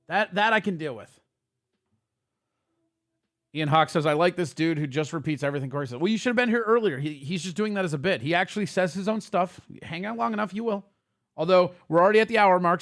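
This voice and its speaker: A man hosting a casual livestream, ranting at his chat in a quick, profane and heated way. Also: high voice, a bit bright, dry recording, clean studio sound. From Italian heritage. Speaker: streamer host.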